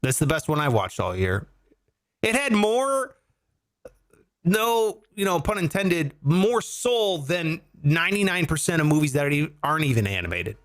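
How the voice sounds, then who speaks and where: A man's voice: a little high, very animated, moderate pace, a bit bright. A man hosting a casual comedy podcast, reading out questions and joking with his co-hosts. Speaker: host.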